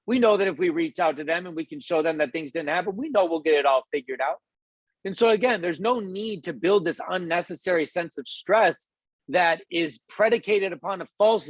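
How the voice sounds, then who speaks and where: Rambling motivational team talk, slightly high male voice, dry close sound. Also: dry recording. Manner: loose and rambling, with many restarts and fillers; acts out quoted voices in a higher, louder pitch. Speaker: company leader giving a motivational talk.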